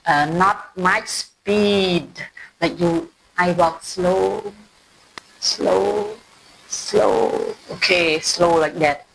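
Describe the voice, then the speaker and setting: Slow, husky woman teaching English phonics. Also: on the low side, a bit bright, rough recording. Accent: Cambodian. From Cambodia. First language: Khmer. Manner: slow, repeats each word several times, simple explanations. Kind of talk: phonics lesson for learners.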